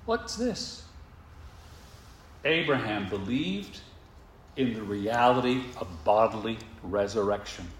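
Male preacher with a lively rising and falling voice, unhurried, echoing sanctuary, asks the room questions. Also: on the low side, slight background noise. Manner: rhetorical questions, emphatic, slows down for stress. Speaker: pastor. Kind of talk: sermon.

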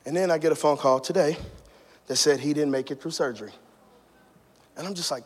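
A man preaching a sermon in a church, moving between shouted passionate peaks and hushed personal storytelling. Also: fairly high pitch, fairly quick, husky, long reverb tail. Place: church sanctuary.

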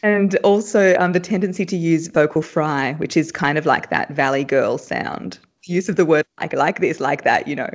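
A woman speaking as a voice coach in an interview, her pitch swinging up and down as she explains her methods. She talks in an animated, explanatory way and often breaks into laughter. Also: moderate pace, hardly any pauses. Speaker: voice and speech coach.

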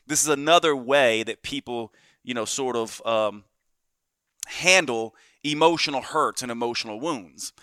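Guy with a bright punchy voice doing a solo podcast, explains stuff with everyday stories, keeps saying right?, dry close mic. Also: mid-range voice, normal speed, clean tone, dry recording. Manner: explains with vivid everyday anecdotes, often asking "right?". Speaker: podcast host.

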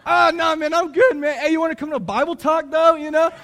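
A man's voice: very high-pitched, steady tone, brisk, fairly bright tone, big-room sound, a little hiss or hum, pitched above the performer's own voice. A preacher putting on a cheerful easygoing college guy. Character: cheerful young man student, easygoing.

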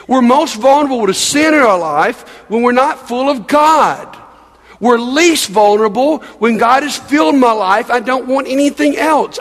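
Here the same sort of sermon comes from an older pastor and grandfather whose high, fairly bright voice echoes with a large hall's long reverb. He talks to the congregation conversationally, asking them questions and repeating words as he goes.

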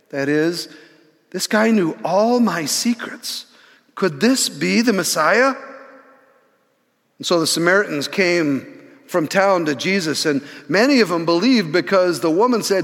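High-voiced man preaching in a hall. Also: unhurried. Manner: conversational, animated retelling. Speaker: pastor. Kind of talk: sermon storytelling. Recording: long reverb in a large hall.

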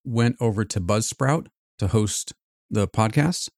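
A man's voice: on the low side, measured pace, a little mellow, dry recording, studio quality. A man hosting a podcast, introducing the episode and chatting in an easygoing, reflective way. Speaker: podcast host. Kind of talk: casual chat.

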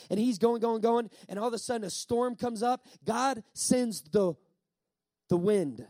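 A male pastor preaching a sermon, emphatic, repeating key lines and slowing down on words for effect. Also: extremely high pitch, dark tone, no echo.

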